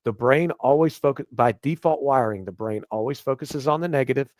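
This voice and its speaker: A man from the United States, a guest on a podcast who trains police officers, explaining his views in an earnest, measured way. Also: mid-range voice, darkish tone, no echo. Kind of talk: casual podcast interview.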